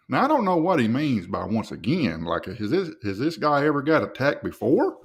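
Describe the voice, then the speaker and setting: A man hosting a podcast, reacting to videos with loud, profane, mocking commentary. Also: mid-range voice, big pitch swings, moderate pace.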